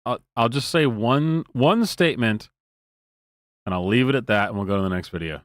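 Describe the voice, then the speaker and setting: A man's voice: mid-range voice, normal speed, no room sound, clean studio sound. A man hosting a stream, giving casual, joking and sarcastic reaction commentary with many restarts. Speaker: streamer host.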